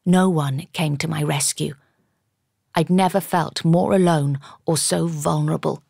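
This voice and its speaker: Low, gravelly woman narrating an audiobook. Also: steady tone, a little slow, darkish tone, dry recording, clean studio sound. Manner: dramatic first-person storytelling.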